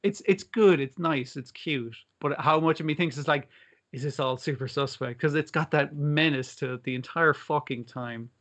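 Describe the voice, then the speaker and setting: Man, podcast co-host, casual chat, sweary, acts out lines, fairly high-pitched. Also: fairly bright tone. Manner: swears a lot, acts out characters' lines in quick voices. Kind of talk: casual chat recapping anime.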